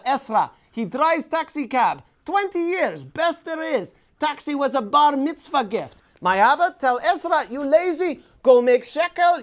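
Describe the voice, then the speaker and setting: Man putting on a loud pushy vendor. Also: very high voice, pitched above the performer's own voice, heavily acted. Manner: shouting, insistent, chatty. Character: pushy loud male Israeli market vendor.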